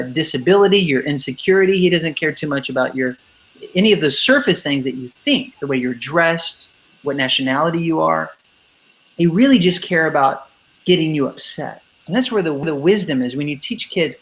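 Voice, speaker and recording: A man with a somewhat high voice and a gravelly fry, talking as an interview guest. He explains his points with emphasis and keeps slipping into the voices of the kids he quotes. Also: a bit bright, low-quality recording. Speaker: anti-bullying speaker and educator.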